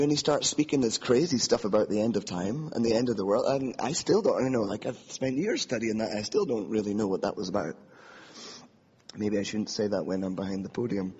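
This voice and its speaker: A husky man speaks earnestly from behind a podium and gives a reflective personal testimony. His words carry a long reverb across the hall. The recording sounds dull and lo-fi. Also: medium pitch, normal speed, darkish tone. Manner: earnest and reflective, acts out inner voices. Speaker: preacher.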